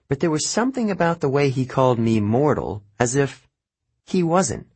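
A man narrating an audiobook in the first person, with expressive storytelling. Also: mid-range voice, moderate pace, husky, no echo.

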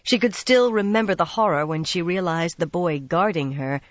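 Woman calmly narrating a fantasy novel, dry sound. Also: lowish voice, moderate pace, no room sound, highs cut off. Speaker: audiobook narrator.

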